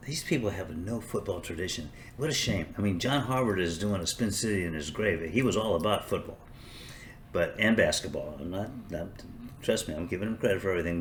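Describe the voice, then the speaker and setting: An older man hosts a podcast in a sarcastic, rambling style and pokes fun at himself as he goes. His voice sits on the low side. A faint hum runs under the recording. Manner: sarcastic, rambling, self-mocking. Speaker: podcast host. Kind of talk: casual comedic podcast monologue.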